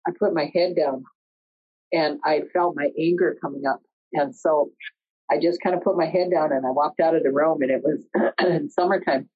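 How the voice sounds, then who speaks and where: A middle-aged woman telling a personal story in an earnest, conversational way, often pausing mid-sentence. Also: low voice, steady tone, husky. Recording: dull lo-fi recording.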